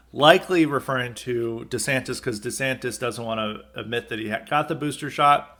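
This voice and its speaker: A man's voice: medium pitch, normal speed, few pauses, pushed and bright. A man hosting a podcast, delivering an unscripted political commentary monologue in a loose, conversational way with wry chuckles. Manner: loose and conversational, frequent filler words and restarts, wry chuckles. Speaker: podcast host.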